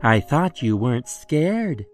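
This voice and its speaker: A cheerful little female animal from a children's storybook, high and sing-song with lots of melody, as a man narrator puts her on. She speaks slowly, over soft piano. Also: very animated. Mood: teasing.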